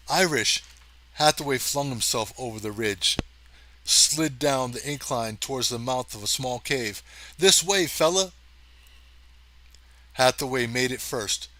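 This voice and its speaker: A man narrating a science fiction story aloud with lively drama, now and then turning to chat casually with his listeners. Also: medium pitch. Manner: lively, chatty, talks to listeners directly. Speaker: audiobook reader.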